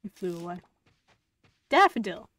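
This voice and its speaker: A woman streamer chatting casually while she plays a game, easily excited, cooing at characters and now and then swearing. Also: on the low side, moderate pace, dry recording. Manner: excitable, gasps and coos, swears lightly. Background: faint game music.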